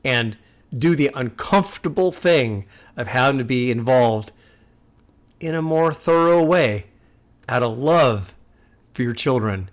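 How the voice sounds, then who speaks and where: A man's voice: mid-range voice, lively intonation, measured pace. A man hosting a music reaction video, talking earnestly and repeating himself like a sermon. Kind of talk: casual reaction commentary.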